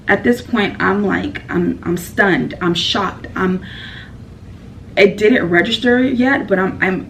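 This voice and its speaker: A woman's voice: mid-range voice, gravelly, distant mic, a little hiss or hum, low-quality recording. A woman telling a personal story in a casual vlog, rambling and emotional with lots of fillers.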